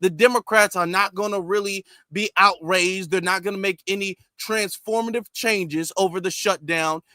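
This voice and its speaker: A man's voice: sits high, fairly even intonation, moderate pace, pushed and bright, no echo, clean studio sound. A man hosting political commentary, reacting to news clips and mocking politicians with a sarcastic edge. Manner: sarcastic, mocks politicians in mimicking voices.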